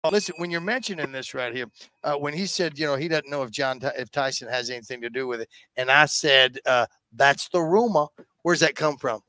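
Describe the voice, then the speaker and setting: A man co-hosting a morning radio show, excitable and fumbling for words. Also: medium pitch, fast talker. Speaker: radio co-host.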